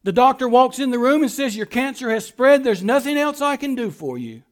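A man preaching a sermon as pastor, swinging between loud emphatic lines and soft quiet ones, repeating phrases and restarting words. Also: extremely high pitch, lively intonation, a little fast.

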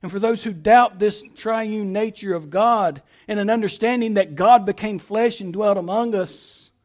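A male pastor delivers a sermon, reading scripture aloud and unpacking it through emphatic rhetorical questions. His voice is high-pitched and his pace moderate, and he often sinks to a hush as phrases end.

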